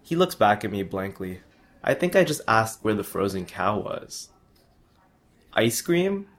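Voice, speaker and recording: Young man, reading a personal travel story, earnest, small restarts, low-ish voice. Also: very animated, moderate pace, fairly bright tone.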